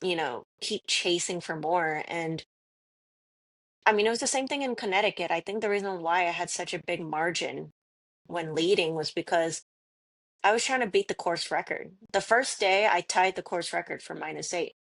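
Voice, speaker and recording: Brief: young woman guest, earnest and halting, lowish voice. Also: fairly bright tone. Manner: earnest, halting, many fillers and restarts. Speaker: guest, professional golfer. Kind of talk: casual interview talk.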